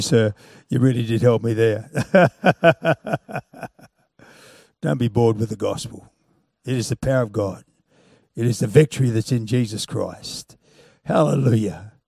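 A man preaching a sermon, moving from loud, punchy calls to quiet, chuckling storytelling. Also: mid-range voice, dry recording, studio quality.

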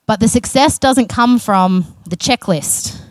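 A woman's voice: on the high side, slow pace, dry recording. A woman preaching a sermon in an earnest, conversational way, with casual self-aware asides.

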